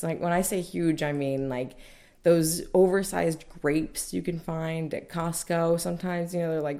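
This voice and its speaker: A woman's voice: low-pitched, gravelly, warm tone. A young adult woman candidly telling a personal story in a conversational way, with many fillers. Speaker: mother recounting childbirth.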